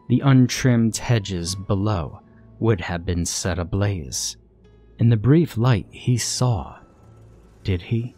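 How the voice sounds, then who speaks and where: A man reading a horror story aloud in a measured storytelling manner, as the channel's narrator. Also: lowish voice, mellow. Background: faint background music.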